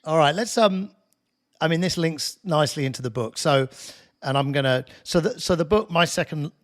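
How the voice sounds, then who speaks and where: A man hosting a casual podcast interview, asking questions in a relaxed, chatty way and laughing easily. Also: fairly high pitch, moderate pace. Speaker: podcast host.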